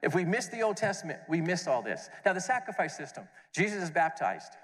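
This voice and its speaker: A man preaching a conference sermon, animated, acting out questions and answers and repeating words as he goes. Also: on the high side, brisk. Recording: long hall reverb.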